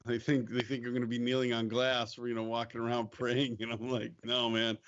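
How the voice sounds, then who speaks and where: A man speaking as a guest on a faith podcast, telling a story in a casual, animated way, acting out quoted lines and laughing easily. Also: mid-range voice, brisk, muffled recording. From United States.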